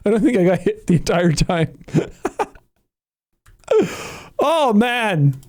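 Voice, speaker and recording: Watching back his old gaming videos, an Irish man offers relaxed commentary in a voice that sits high and moves slowly. He's animated throughout, with loud, playful outbursts.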